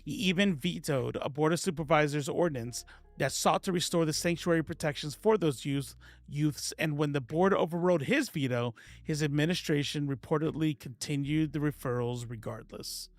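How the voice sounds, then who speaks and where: A fairly high-voiced man talking casually on a live stream about politics, sarcastic and rambling as he answers viewer comments. Faint music plays quietly under his voice. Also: normal speed, dry recording. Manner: sarcastic, rambling, reads chat aloud.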